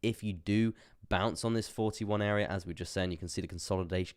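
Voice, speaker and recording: A man's voice: sits low, fairly even intonation, fast, hardly any pauses, clear, resonant tone. A young man hosting a crypto livestream, chatting casually about charts, laughing often and repeating himself as he reads the chat. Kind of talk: casual live market commentary.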